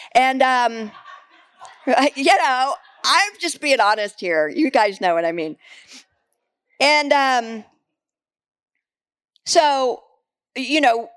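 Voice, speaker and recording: Animated, candid woman preacher. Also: a little high, slow pace, pauses often. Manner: animated, candid, laughs at herself. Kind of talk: sermon with personal stories.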